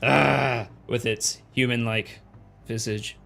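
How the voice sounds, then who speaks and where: A man from Canada runs the tabletop session as dungeon master. He talks at an unhurried, halting pace, feeling his way through each description with fillers. His voice sits in an ordinary middle range. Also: medium pitch, fairly bright tone, a little hiss or hum. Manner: slow, halting narration with many fillers and laughs. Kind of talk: narrating a tabletop game.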